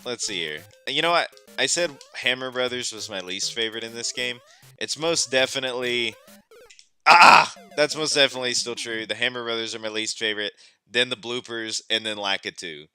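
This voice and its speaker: A man streaming a game, chatting casually, animated and exclamatory, and laughing often. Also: mid-range voice, moderate pace, clean tone, faint music behind. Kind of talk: casual gameplay chat.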